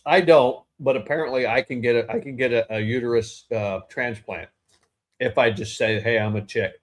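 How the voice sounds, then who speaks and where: A man's voice: mid-range voice, fairly even intonation, moderate pace. A man co-hosting a political talk podcast, rambling and opinionated, often restarting his sentences mid-thought. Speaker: podcast co-host. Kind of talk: casual political podcast chat.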